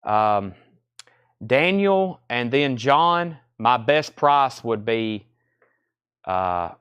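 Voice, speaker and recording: A man's voice: mid-range voice, animated, extremely slow, fairly bright tone, clean tone, no room sound. A man running a live record sale, rattling off titles and prices with chatty asides. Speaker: record seller. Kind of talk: live sale stream, casual selling.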